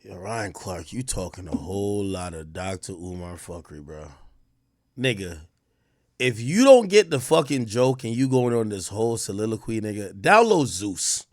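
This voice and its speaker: A man's voice: lowish voice, sing-song, moderate pace, no echo, clean studio sound. A man from Jamaica hosting a livestream, ranting crudely and laughing as he reacts to clips. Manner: loud, laughing, crude rants. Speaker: livestream host. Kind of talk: profane comedic commentary.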